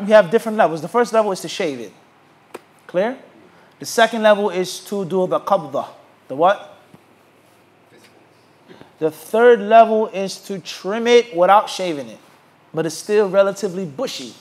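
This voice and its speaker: A man with a fairly high voice gives a religious lecture to a class. He keeps pausing to ask the students to finish his sentences. He turns animated when he mocks the views he argues against. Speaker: Islamic teacher.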